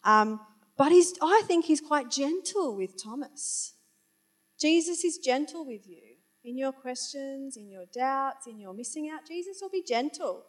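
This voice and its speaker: A woman with a high, animated voice, speaking a little slowly, preaches a conversational sermon that's chatty and informal with wry asides. Now and then she loses her place and corrects herself out loud.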